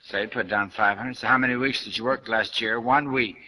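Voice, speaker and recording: A man's voice: mid-range voice, fairly even intonation, brisk, sharp tone, rough recording. A man giving a New Thought spiritual lecture in a conversational, folksy way, quoting scripture as he goes. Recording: archival lecture recording.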